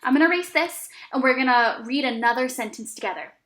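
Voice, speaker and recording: A woman teaching an early reading lesson to young children, speaking slowly and encouragingly with plenty of praise. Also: sits high, a bit bright, reverberant. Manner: slow, exaggerated, encouraging teacher talk with praise.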